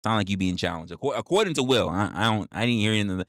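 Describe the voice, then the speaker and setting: A man's voice: on the low side, lively intonation, very fast, a bit bright, no room sound, clean studio sound. A man hosting a livestream, reading chat aloud and reacting with repeated exclamations, swearing and laughter.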